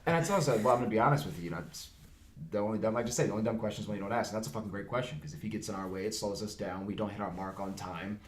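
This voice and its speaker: A man, an actor, chatting casually on a podcast, telling stories in a fast, profane, animated way. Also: on the low side, roomy sound, a little hiss or hum.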